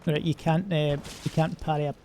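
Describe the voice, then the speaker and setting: A man's voice: a little high, steady tone, a little fast, warm tone, a little hiss or hum. A man streaming a game, chatting casually and joking in a rambling way with lots of filler words. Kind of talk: casual gaming stream commentary.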